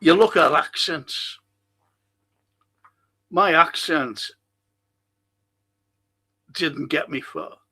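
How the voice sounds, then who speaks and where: A man's voice: a little high, drawn-out words, pauses often, sharp tone, breathy edge. A middle-aged man with a Liverpool accent hosting a live talk stream, rambling in a blunt, indignant monologue and swearing freely. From England. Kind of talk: rambling monologue reading viewer comments.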